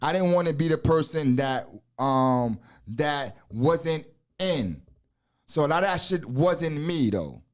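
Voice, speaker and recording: A man's voice: on the high side, lively intonation, takes it slowly. A man in his forties with an American accent hosts a podcast in a loose, profane style, full of asides and restarts. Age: 40s. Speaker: podcast host. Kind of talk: casual podcast talk.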